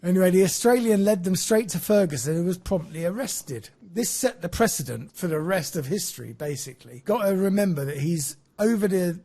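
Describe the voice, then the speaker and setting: A man's voice: sits high, lively intonation, a little fast, few pauses, mellow. A man hosting a podcast, telling a story in a chatty way and laughing at his own jokes.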